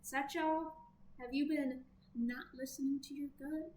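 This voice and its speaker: A woman's high-pitched yet darkish voice stays steady and a little slow as she does a tarot reading in a Southern American accent. She keeps things casual and chatty, full of playful asides, while faint noise sits in the background of an echoey room.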